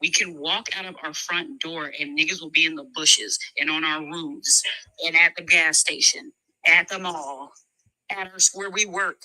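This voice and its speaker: A woman's voice: sits low, fairly even intonation, moderate pace, sharp tone, no echo, poor audio. A woman hosting a heated casual debate, blunt and sarcastic as she scolds the men. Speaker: show host.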